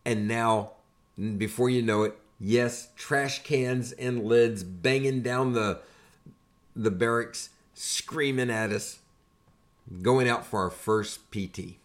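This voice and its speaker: An older man hosting a podcast, casually telling army stories in an animated, conversational way and building up to punchlines. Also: mid-range voice, takes it slowly. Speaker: podcast host and army veteran. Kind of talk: casual storytelling.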